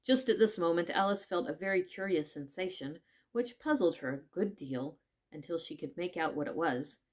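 A woman reading a classic children's story aloud in measured narration. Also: on the low side, animated. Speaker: audiobook reader.

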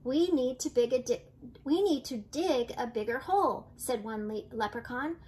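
An older woman, a grandmother, reads a children's picture book at normal speed in a high voice. She tells it gently, like a storyteller, using light voices for each character.

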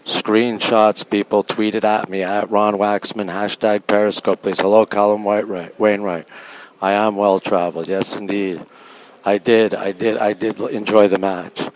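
A man from Canada hosting a phone livestream in an art museum, talking low and hushed while greeting viewers by name. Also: little pitch movement, a little slow, rough recording. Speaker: livestream host. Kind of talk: casual live-stream chat. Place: quiet art museum gallery, indoors.

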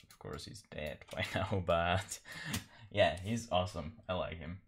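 Guy streaming his painting, talks slow and rambly, putting himself down a lot, keyboard clicks in the background. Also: low voice, a little hiss or hum. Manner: rambling, self-deprecating, laughs often. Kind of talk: casual live-stream chat.

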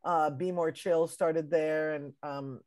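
An American woman with a lowish voice speaks as a guest over a video call. She talks in a relaxed, halting way, often letting phrases trail off and then starting again. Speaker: Broadway composer and musical director, guest. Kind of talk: casual interview chat.

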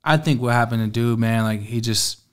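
A man's voice: medium pitch, moderate pace, smooth. A man, a guest telling a casual, streetwise story full of profanity. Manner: streetwise, profane, laid-back.

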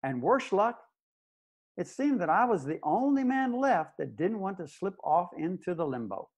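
Gruff old space ranger, stubborn, blunt, lively swooping delivery, audio drama narrator. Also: male voice, sits high, normal speed, full character voice. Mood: brooding. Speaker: narrator and lead character.

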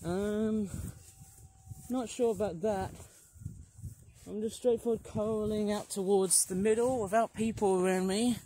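A man's voice: sits high, fairly even intonation, a little slow, pauses often, warm tone, a little hiss or hum, poor audio. A man from Malaysia casually narrating a plane spotting vlog outdoors, rambling and commenting on passing trains and planes into a handheld camera. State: out of breath. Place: outdoors near a railway and airfield.

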